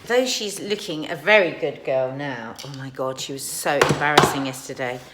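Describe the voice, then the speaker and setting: A woman with an English accent chatting casually as a vlogger, telling a story in a lively, chatty way. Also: sits low, moderate pace. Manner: chatty storytelling, coos at her dog in a baby voice. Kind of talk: casual chat. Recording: echoey room with noise.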